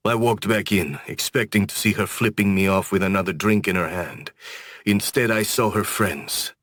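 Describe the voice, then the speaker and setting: Deep-voiced man narrating a brooding audiobook. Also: a bit bright, no room sound, studio quality. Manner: brooding, measured. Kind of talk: first-person audiobook narration.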